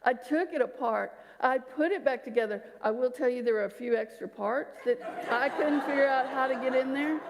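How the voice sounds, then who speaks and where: A woman minister delivers a sermon, weaving personal stories with asides to her congregation. Her voice sits a little high. The sound carries a long reverb from a large sanctuary. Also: moderate pace, hardly any pauses, crowd noise, noisy background. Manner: warm storytelling with audience asides. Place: church sanctuary.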